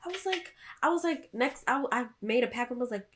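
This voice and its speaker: A woman's voice: high voice, fast talker. A young woman co-hosting a podcast, telling childhood stories in casual chat and acting out the quoted dialogue. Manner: animated storyteller, acts out quoted dialogue. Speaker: podcast co-host.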